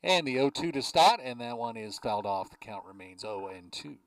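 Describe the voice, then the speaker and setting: A man calling a baseball game play by play from a ballpark press box, chatting easily between pitches. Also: expressive, brisk, dry recording, far from the mic, rough recording. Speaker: play-by-play announcer.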